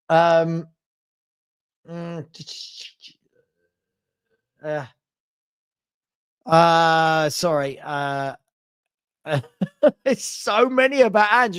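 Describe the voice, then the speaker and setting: A man runs a live-stream Q&A, his voice sitting fairly high for a man. He talks casually and bluntly, trips over his words, and repeats phrases as he thinks out loud. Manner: blunt, opinionated, stumbles and repeats himself. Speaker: host answering viewer questions.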